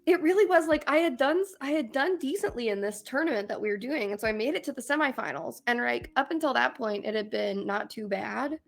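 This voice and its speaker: A woman's voice: on the high side, fairly quick, creaky, hardly any pauses. A woman in her twenties from Minnesota, co-hosting a casual podcast and telling stories with frequent laughter. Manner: chatty, laughs often, animated storytelling. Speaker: podcast co-host. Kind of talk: casual chat.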